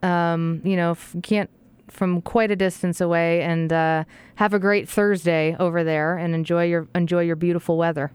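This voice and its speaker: A woman's voice: lowish voice, little pitch movement, moderate pace, darkish tone, clear, resonant tone, no room sound. A woman hosting a talk radio show, friendly and chatty, with frequent fillers.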